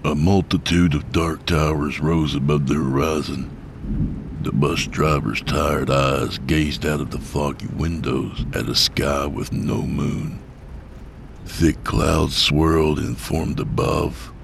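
Very deep, gravelly male narrator. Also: fairly even intonation, slow, a little hiss or hum. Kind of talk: scripted horror story narration.

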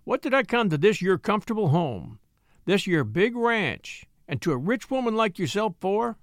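Storybook role: a menacing frontier rough, drawling, voiced by a man, lively and high in pitch, dry close sound. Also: moderate pace, dry recording. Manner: drawling backwoods dialect, menacing. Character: grim rough frontier blackmailer, male, middle-aged.

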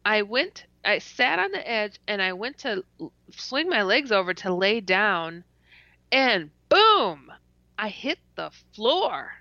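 A woman telling a personal story in a casual interview, animated and laughing often, stuttering and restarting as she goes. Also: mid-range voice, slow, dry recording. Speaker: interview guest. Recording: dull lo-fi dry recording.

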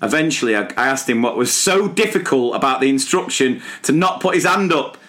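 A man who teaches, co-hosting a casual podcast and reading listener stories aloud with lively quoted voices. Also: mid-range voice, fairly quick. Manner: animated, puts on voices for quotes.

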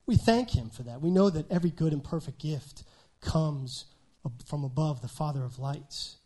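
A man preaching a sermon with a slightly high voice. He talks conversationally, tossing in frequent "right?" asides, and swings between loud emphasis and quiet, hushed remarks. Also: normal speed. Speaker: pastor.

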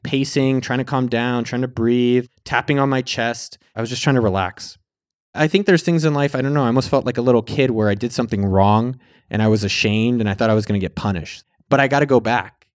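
A man's voice: mid-range voice, no echo, studio quality. A man vlogging in a casual storytelling style. He speaks candidly, swears freely, and acts out his own past words.

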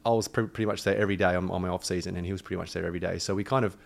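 A man's voice: deep voice, fairly even intonation, racing, creaky. A man with an Australian accent, chatting casually as a podcast guest, laid-back and joking. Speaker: guest, performance coach. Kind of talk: casual chat.

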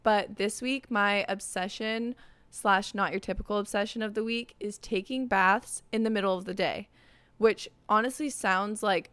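A woman's voice: mid-range voice, a bit bright, clear, resonant tone, no room sound. Chatty young woman hosting a podcast. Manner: chatty, upbeat, says "like" constantly. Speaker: podcast host. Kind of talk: casual solo podcast chat.

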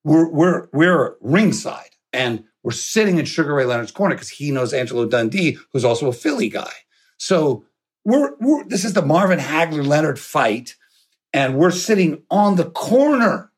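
A middle-aged man telling a long anecdote with lively energy, swearing and laughing as he goes. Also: fairly high pitch, moderate pace, slightly rough. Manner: animated, swearing, laughing storyteller. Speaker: podcast guest. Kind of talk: storytelling anecdote.

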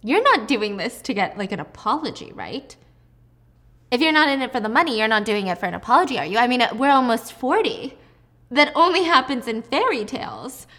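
A woman reading the lines of a calm, cold-blooded female teacher near forty, sounding composed and cutting. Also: a little high, fairly quick. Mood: cool.

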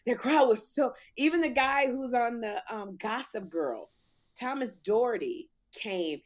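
A woman comic telling a story in lively chat, acting out quotes in a loud voice. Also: fairly high pitch, a little slow. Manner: animated, acts out quotes loudly. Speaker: talk show host and comic, guest.

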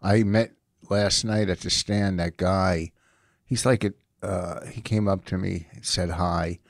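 A middle-aged man comedian in casual banter, excitable and swearing freely, jumping from topic to topic. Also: deep voice, takes it slowly, dry recording. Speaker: comedian and podcast co-host.

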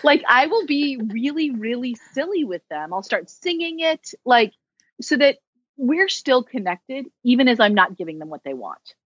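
Her pitch is fairly high and sing-song, at a normal speed, with a fairly bright yet husky tone. This social worker chats candidly as a podcast guest, poking fun at herself in a casual interview, recorded dull and without room sound.

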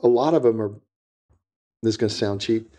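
A retired DEA agent appears as a guest in a casual interview, his lowish, mellow voice moving a little fast. He rambles through his stories, repeats himself, speaks bluntly, and acts out the voices of people he quotes.

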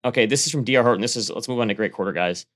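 A man co-hosting a casual finance podcast, animated and quick, often restarting his sentences. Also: mid-range voice. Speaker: podcast co-host.

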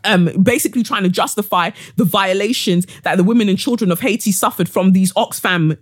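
A woman's voice: mid-range voice, a little fast, no echo, clean studio sound. A woman hosting a solo podcast, ranting heatedly with profanity and sarcasm. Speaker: podcast host.

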